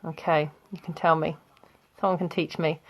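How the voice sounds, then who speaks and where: A woman's voice: sits low, little pitch movement, moderate pace, slightly rough. A woman teaching English grammar in a live online lesson, chatting with students and laughing often.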